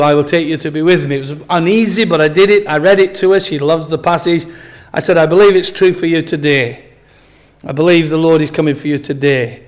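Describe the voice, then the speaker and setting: High-voiced earnest male preacher. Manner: earnest, repeats and stresses scripture. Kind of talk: sermon.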